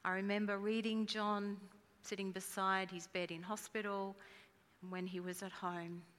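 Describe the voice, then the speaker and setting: A woman preaching a sermon in an earnest, measured way, dropping her voice at solemn lines. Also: medium pitch, flat delivery, a bit bright, long reverb tail.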